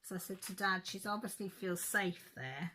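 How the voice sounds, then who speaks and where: A woman's voice: medium pitch, moderate pace, sharp tone, a little hiss or hum. A middle-aged woman, chatting casually in a vlog and telling a story in a rambling way with frequent self-corrections. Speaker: craft vlogger.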